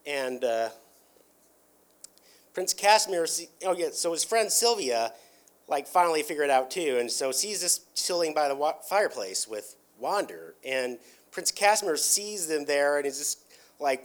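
A man's voice: a little high, animated, normal speed. A man with a somewhat raised voice talks his way through a cartoon plot in a loose, casual way. He rambles, leans on filler words and often restarts his sentences. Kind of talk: casual retelling of a cartoon episode.

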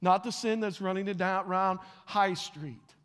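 A middle-aged male pastor with a high-pitched voice delivers a revival sermon in a large church. He swings from loud, emphatic calls to quiet, personal asides, often repeating words as he restarts a phrase. His voice rings out with a long reverb across the hall. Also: moderate pace, clean tone. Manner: swings between loud emphatic preaching and hushed, intimate talk. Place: large church sanctuary with live audience.

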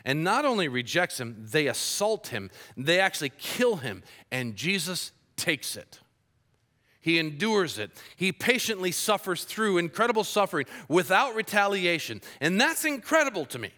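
Guy preaching, kinda high bright voice, jokey storyteller, big echoey church sound. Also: moderate pace. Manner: lively storytelling with humorous asides. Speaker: pastor. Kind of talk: sermon.

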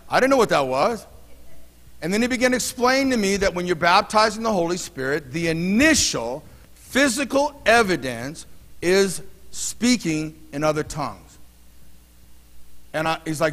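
A man's voice: high-pitched, expressive, moderate pace, a bit bright. A man preaching a sermon as pastor, talking in a loose, conversational way with personal stories and frequent restarts. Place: church sanctuary. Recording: long hall reverb.

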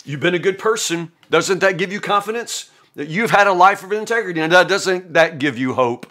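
A man slips into a smug, self-assured male friend who talks down from a moral high horse. His voice is bright and a little raised, and his tone is preachy and condescending. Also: expressive, brisk.

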